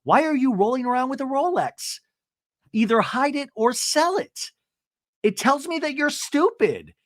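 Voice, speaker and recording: A man impersonating a fiery reality-show woman who yells insults in a high, shrill voice. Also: big pitch swings, normal speed, breathy edge, no echo. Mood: scolding.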